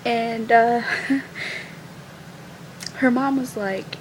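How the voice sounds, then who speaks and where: Slow-talking giggly teen girl. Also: a little high, animated, a little hiss or hum, poor audio. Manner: giggly, chatty, full of fillers. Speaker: vlogger. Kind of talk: casual storytelling.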